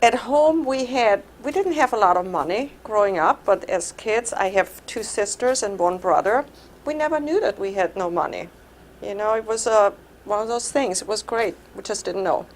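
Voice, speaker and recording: A woman's voice: medium pitch, lively intonation, moderate pace. A middle-aged woman from Austria with an Austrian German accent, giving a conversational personal speech at a club meeting and laughing now and then. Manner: conversational, laughs while telling stories. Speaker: club speaker.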